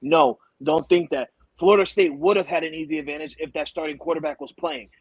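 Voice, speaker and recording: An excitable man riffs through casual sports banter, rambling and quick to laugh. His voice sits a little high. It sounds dry and close, with no room around it. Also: vocal fry, dry recording, muffled recording. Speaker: sports show co-host.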